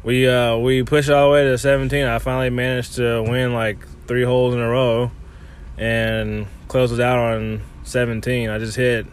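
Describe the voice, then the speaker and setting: Man, casual monologue, lots of "like" and "you know", mid-pitched, faint traffic behind. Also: level tone, normal speed. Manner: filler-heavy, laid-back, swears casually. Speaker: amateur golfer podcaster.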